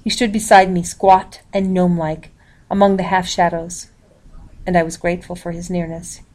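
A woman reading a historical novel aloud, calling out the page numbers as she goes. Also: on the low side. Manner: even, measured reading with page numbers announced. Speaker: reader.

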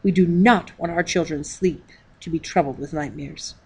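A woman reading aloud as a gentle pilgrim mother who speaks up firmly through clenched teeth. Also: sits low, moderate pace, vocal fry, husky, heavily acted. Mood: stern. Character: gentle pilgrim mother, bold when angered.

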